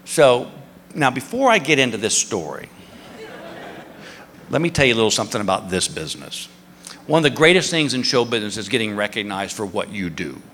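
A man's voice: on the low side, very animated, brisk, long pauses, fairly bright tone, slight background noise. A male stand-up comedian in his fifties spins a long story on stage and slips into the voices of the people he quotes. His voice rings out with the long reverb of a large theater, and a faint room ambience sits behind it. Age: 50s.

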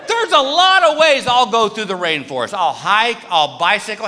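High, lively man telling a stand-up story. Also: normal speed, few pauses. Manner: animated, acts out other voices with big pitch jumps. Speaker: stand-up comedian. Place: stage in a large hall. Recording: live hall recording with faint room ambience.

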